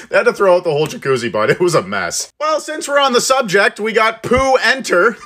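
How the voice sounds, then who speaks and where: A man's voice: high-pitched, expressive, fairly quick, fairly bright tone. A man giving casual comedic commentary in a giggly, crude, joking way. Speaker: comedy video creator.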